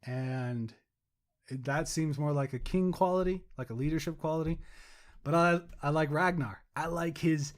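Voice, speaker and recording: Chatty joking man with a higher voice. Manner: rambling, joking, swearing, self-mocking. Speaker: podcast co-host. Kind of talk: casual podcast chat.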